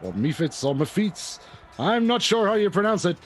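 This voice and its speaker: A man's voice: high voice, expressive, fast talker, slight background noise. A man commentating a tabletop game arena battle in a theatrical, mock-formal style.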